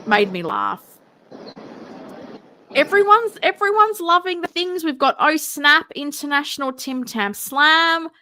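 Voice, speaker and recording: A woman co-hosting a casual live stream, chatty and quick to laugh, reading viewer comments aloud. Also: high-pitched, expressive, sharp tone, a little hiss or hum.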